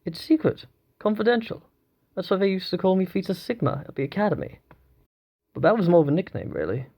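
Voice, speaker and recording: A man's voice: high voice, expressive, a little fast, mellow, voice pushed up. A man voicing a cheerful, eccentric male alien traveller who answers lightly and evasively. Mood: breezy.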